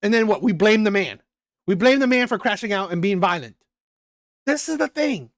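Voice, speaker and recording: Emphatic man with lively, swinging pitch. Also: normal speed, dry recording, studio quality. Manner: emphatic, repetitive, restarts sentences. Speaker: commentator. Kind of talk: reaction commentary.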